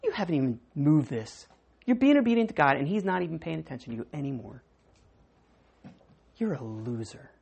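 A woman's voice: low-pitched, big pitch swings, fairly quick, gravelly, long pauses, darkish tone, slightly rough, voice pushed down, full character voice. A woman voicing a taunting male devil who whispers doubts into a man's ear, in a sneering, mocking way.

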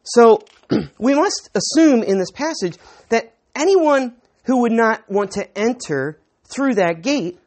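Lively conversational preacher. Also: male voice, very high-pitched. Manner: conversational teaching with rhetorical questions and restarts. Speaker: pastor. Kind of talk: sermon. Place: room with a live audience.

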